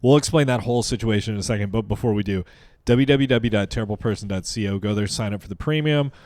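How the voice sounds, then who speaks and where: A man's voice: on the low side, quick pace, a little mellow, no echo, studio quality. A man co-hosting a podcast, telling a story in a rambling, joking way. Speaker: podcast co-host. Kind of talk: casual chat.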